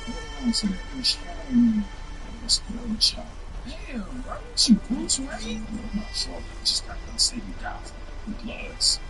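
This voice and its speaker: A man's voice: extremely high pitch, measured pace, music in the background, rough recording. A man hosting a gaming channel, retelling a story in slangy casual talk and acting out the characters as he goes. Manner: slangy, animated, acts out characters.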